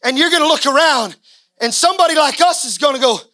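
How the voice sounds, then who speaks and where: A male pastor delivering an impassioned sermon, swinging from quiet talk to shouting. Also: extremely high pitch, quick pace, dry recording, rough recording.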